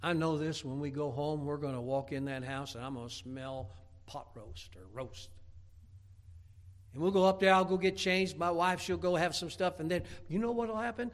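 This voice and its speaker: A man's voice: a little high, moderate pace. A man preaching a sermon, telling homely stories with humor, repeating words as he builds to emphatic, rising points. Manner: folksy, humorous storytelling with rising emphatic bursts. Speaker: pastor.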